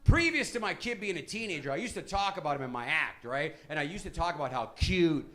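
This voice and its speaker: Animated, high-pitched middle-aged comedian. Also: male voice, fast talker. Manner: animated, emphatic, repeats "listen" to hold the crowd. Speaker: stand-up comedian. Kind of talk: stand-up comedy set. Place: comedy club stage. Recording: live club with crowd laughter. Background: audience laughing and reacting.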